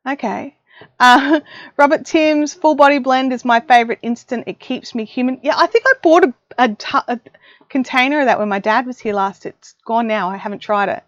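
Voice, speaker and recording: A woman's voice: sits high, moderate pace, no echo. Chatty Australian woman, dry lo-fi audio. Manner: chatty, self-mocking, reads viewer comments aloud. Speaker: craft livestream host. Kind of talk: casual live chat. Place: home craft room. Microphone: desk mic, listening on headphones. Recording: dry, dull lo-fi livestream audio.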